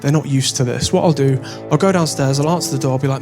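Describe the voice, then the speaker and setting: A man's voice: medium pitch, quick pace, music in the background. A young English man doing stand-up, telling a story on stage in a wry, self-deprecating way. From England. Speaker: stand-up comedian. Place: on stage before a live audience.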